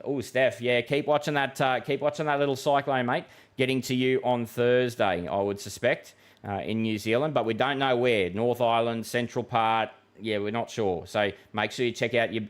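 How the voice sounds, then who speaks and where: An Australian man in a relaxed livestream chat, talking in a mid-pitched voice. He goes through forecasts and viewer questions in a friendly, matey tone, full of fillers and restarts. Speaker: weather forecaster and livestream host. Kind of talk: casual livestream chat reading viewer comments.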